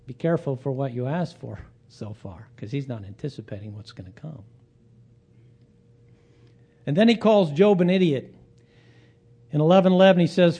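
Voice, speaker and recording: A man preaching a sermon, reading and retelling scripture, whose voice rises for quoted speeches and drops low for his asides. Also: sing-song, normal speed, long pauses, dark tone.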